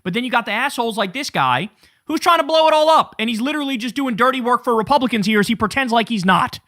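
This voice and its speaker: A man's voice: very high voice, expressive, fast talker, pushed and bright, no echo, clean studio sound. A man hosting a political commentary show, ranting in a fiery, profane and sarcastic way.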